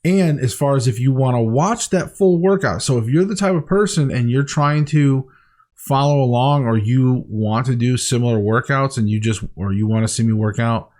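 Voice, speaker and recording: A man's voice: mid-range voice, a little mellow. A man talking candidly to camera in a diet vlog, rambling and heartfelt with frequent restarts. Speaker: weight-loss diary vlogger.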